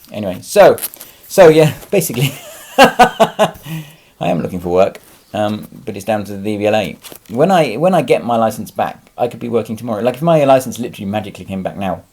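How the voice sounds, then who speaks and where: A man vlogs casually to camera as a lorry driver, rambling with fillers and restarts and swearing freely when he gets angry. His lowish voice is warm with vocal fry, and there's a little hiss or hum in the recording.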